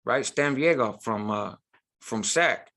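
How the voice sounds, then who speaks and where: A man's voice: mid-range voice, takes it slowly, fairly bright tone. Man telling a prison story emphatically. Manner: emphatic, street slang, frequent "right?" asides. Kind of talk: casual storytelling.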